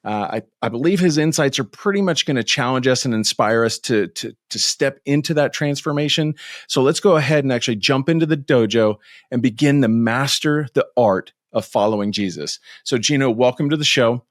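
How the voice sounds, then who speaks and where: A man's voice: mid-range voice, fairly quick, dry recording. Dry-sounding male podcast host. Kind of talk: hosting an interview.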